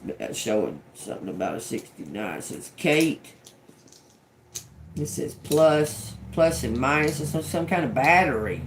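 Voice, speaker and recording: A man's voice: on the high side, a little hiss or hum. A man doing a casual tarot reading, rambling and cursing, often repeating single words as they come to him. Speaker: tarot reader.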